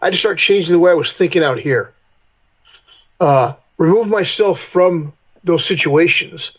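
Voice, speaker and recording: On a podcast, a middle-aged guest recounts candid stories bluntly and with profanity, playing out heated confrontations. He talks at a normal speed in a slightly high voice, and the audio is poor.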